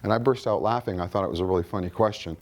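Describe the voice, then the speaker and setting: A man's voice: low-pitched, very fast, a little mellow. Man in his sixties telling stories. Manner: anecdotal, acts out both sides of remembered conversations; quizzes the audience with show-of-hands questions. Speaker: guest speaker at an investing conference. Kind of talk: seminar storytelling talk. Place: indoor conference room.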